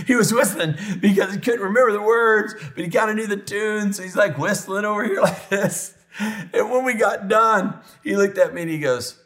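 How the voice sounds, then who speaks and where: Middle-aged man, pastor, sermon storytelling, emotional, animated, dips soft and tender. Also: sits high, moderate pace. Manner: emotional, animated storytelling, drops to near whisper when tender.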